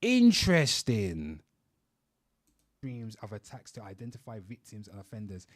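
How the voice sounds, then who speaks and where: A man's voice: on the low side, wildly swooping pitch, measured pace, dry recording, clean studio sound. A young man hosting a reaction commentary show, ranting heatedly and swearing while talking straight to his viewers. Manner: heated, swearing, repeatedly addressing "people".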